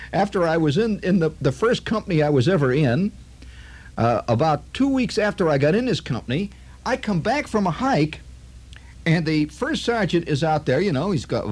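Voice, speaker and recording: Rambling husky male storyteller. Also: on the high side, a little mellow. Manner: rambling, halting, full of asides and restarts. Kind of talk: spoken storytelling monologue.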